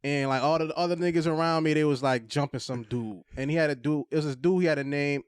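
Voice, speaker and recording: A young man with a Hartford, Connecticut accent, a comedian guest telling funny street stories and acting out the quotes loudly. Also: a little high, fast talker, clean tone, no echo, clean studio sound. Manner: animated, loud acted-out quotes in stories. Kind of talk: casual storytelling.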